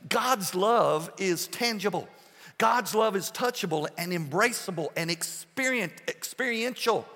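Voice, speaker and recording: Passionate preacher with a high, bright voice. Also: male voice, lively intonation, a little slow. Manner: passionate, swings between soft and loud. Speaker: pastor. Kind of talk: sermon. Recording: long hall reverb.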